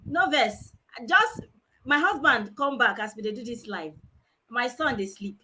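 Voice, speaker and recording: A woman's voice: fairly high pitch, expressive, a little slow, noisy background. A woman from Nigeria with a Nigerian accent, chatting as a live-stream host and mixing Pidgin with English. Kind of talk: casual live-stream discussion.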